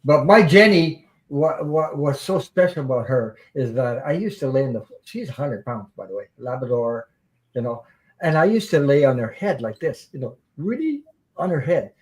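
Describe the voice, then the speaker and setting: A man's voice: mid-range voice, animated, normal speed, low-quality recording. Emotional man hosting a live group chat. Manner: emotional, repeats himself while telling a story. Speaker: live-stream host.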